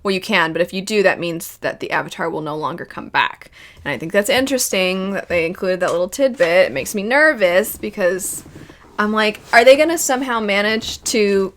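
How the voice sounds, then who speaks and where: A woman in the middle of her range talks through a cartoon series in a loose, chatty commentary. She is animated and emotional as she goes, and she laughs often. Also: medium pitch, fairly quick. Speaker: video host reviewing a cartoon series. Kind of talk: casual reaction commentary.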